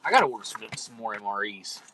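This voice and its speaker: A man's voice: big pitch swings, quick pace, background noise. A man hosting a casual live stream, rambling to the chat and now and then cooing at his cat. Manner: rambling, talks to his cat in a high coaxing voice. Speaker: livestream host.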